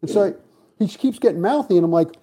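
Fast-talking blunt man with husky voice. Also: sits high. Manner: blunt, profane, animated storyteller. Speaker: podcast guest. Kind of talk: casual storytelling chat.

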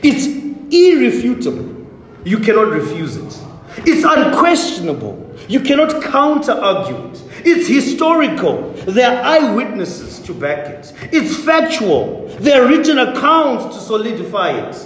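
A man's voice: extremely high pitch, wildly swooping pitch, measured pace, slight background noise. A man preaching a sermon as pastor, with emphatic, repetitive declarations. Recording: echoey hall, faint ambience.

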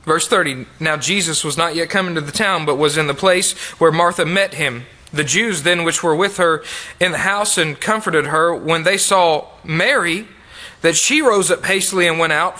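A man preaching a sermon, reading King James scripture aloud and repeating key phrases for emphasis, sometimes dropping to a soft, low voice. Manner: reads King James verses then comments with emphatic repetition; drops to soft, low tones in tender appeals.

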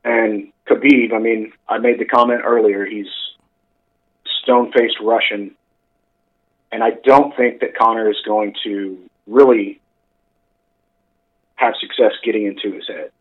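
A man's voice: fairly low pitch, steady tone, measured pace, pauses often, phone-quality sound. A man co-hosting a casual chat show, talking in a rambling way with lots of fillers. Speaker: podcast co-host.

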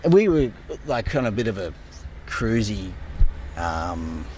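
Man with a lowish voice, telling stories. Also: slow, slight background noise. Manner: animated, swears a lot, relives moments with voices. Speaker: guest surfer. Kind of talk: casual storytelling.

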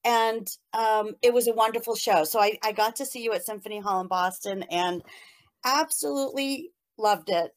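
A woman's voice: on the high side, normal speed. A woman co-hosting an interview, telling a fond memory in a rambling, emotional way. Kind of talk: casual interview chat.

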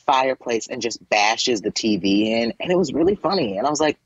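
A man co-hosting a podcast, rambling through a casual, animated retelling and slipping into mocking quoted voices. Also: medium pitch, brisk, breathy edge, no room sound, muffled recording. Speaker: podcast co-host. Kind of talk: casual chat.

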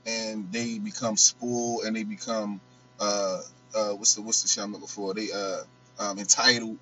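A man in casual podcast chat, laying out his points in a relaxed, rambling way. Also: on the low side, normal speed, lo-fi sound, soft background music. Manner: relaxed, explains points at length with fillers. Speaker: podcast co-host.

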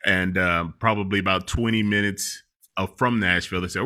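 A middle-aged man casually telling a long travel story, animated and laughing often as he talks. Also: low-pitched, fairly quick.

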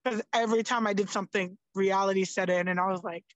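A woman's voice: medium pitch, steady tone, fast, no echo, low-quality recording. A young woman, a podcast guest, chatting casually and animatedly, with lots of "like" and free swearing. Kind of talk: casual chat.

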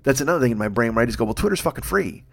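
A man's voice: mid-range voice, animated, racing, gravelly, slightly rough. A man of fifty ranting in a solo monologue, rambling and self-deprecating, swearing often. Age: 50s. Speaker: podcast host. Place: home, recording late at night.

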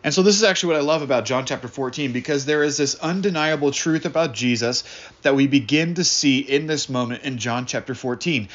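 A man preaching a sermon in an earnest, reflective way, slowing down to stress key words. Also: mid-range voice, a bit bright, lo-fi sound. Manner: earnest, reflective, slows down for emphasis. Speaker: pastor.

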